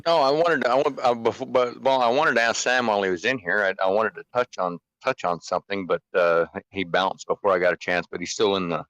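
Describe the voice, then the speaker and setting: Deep-voiced man, rambling stammer. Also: steady tone, fairly quick, few pauses, a bit bright, dry recording. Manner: rambling, stammering, repeats words. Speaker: podcast co-host. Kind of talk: casual livestream chat.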